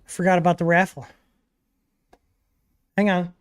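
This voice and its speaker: A man's voice: high voice, unhurried, clear, resonant tone, faint music behind. Chatty man hosting a tech livestream. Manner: relaxed, chatty, frequent ums and asides. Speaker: livestream host answering 3D printer questions. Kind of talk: casual livestream Q&A. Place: home studio with dogs nearby.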